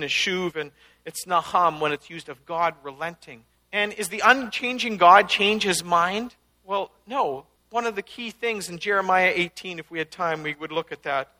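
A man's voice: high-pitched, pushed and bright. A man preaching a conversational sermon, teaching casually and breaking into emphatic outbursts. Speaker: pastor.

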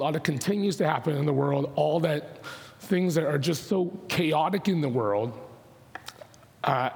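A man, a pastor giving a sermon and prayer, his voice partly lost to allergies, talking in a halting way with many fillers and restarts. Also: on the high side, creaky, darkish tone. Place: church sanctuary. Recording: long hall reverb.

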